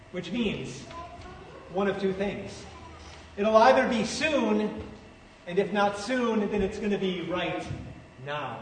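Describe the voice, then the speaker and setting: A high-voiced man preaches slowly and emphatically, leaning on dramatic pauses. His voice rings through a large church hall with a long, echoing reverb. He stands well back from the microphone, with faint room ambience behind him. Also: darkish tone, a little hiss or hum. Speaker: pastor. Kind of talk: sermon. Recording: echoey church hall, far-off mic.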